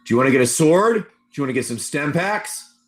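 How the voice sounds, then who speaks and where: A game master narrates his wasteland tabletop adventure on a stream at a fairly quick clip, with lively intonation and a voice slightly high for a man. Loose and rambling, he peppers in asides and names his players as he calls on them.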